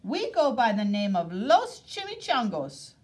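A woman voicing the gruff, somber leader of a band of small male dogs in a picture book read-aloud. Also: a little high, huge pitch swings, a little slow, darkish tone. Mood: solemn.

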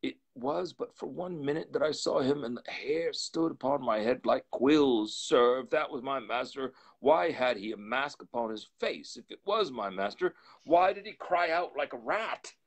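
A man's voice: medium pitch, animated, normal speed, hardly any pauses, voice pushed up. A man reading aloud, voicing a frightened, loyal older male butler who pleads urgently and drops into whispers. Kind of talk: live storytelling reading.

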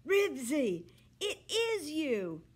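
Woman doing an eager, shouting young boy. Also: high-pitched, sing-song, takes it slowly, voice pushed up, full character voice. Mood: excited shouting. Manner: pleading, shouting. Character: eager young boy desperate for his dog.

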